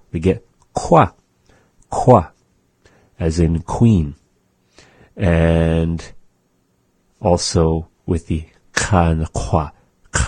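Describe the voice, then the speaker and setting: A man's voice: low voice, a little mellow, no room sound. A man teaching a language lesson on a show, patiently demonstrating sounds aloud.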